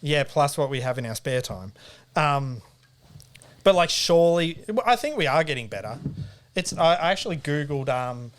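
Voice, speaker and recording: Man in his thirties, slightly high voice. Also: expressive, normal speed. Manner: anecdotal, laughs through stories. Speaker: podcast co-host. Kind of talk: casual chat.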